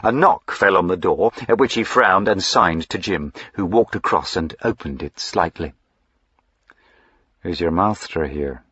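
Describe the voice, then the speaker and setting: A man with a very deep, husky voice reads the narration in an even, measured way. The sound is dry and close, with a dull, muffled tone. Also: no echo. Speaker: audiobook narrator. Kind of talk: scripted narration.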